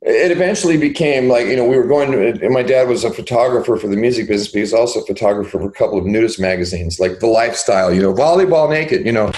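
An older man, an interview guest, telling his life story in a halting, rambling way with many fillers and restarts. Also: medium pitch, darkish tone, low-quality recording.

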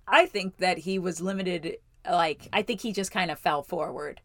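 A woman's voice: lowish voice, moderate pace, no echo, studio quality. A woman co-hosting a podcast in casual chat, rambling and hesitant, laughing easily. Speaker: podcast co-host.

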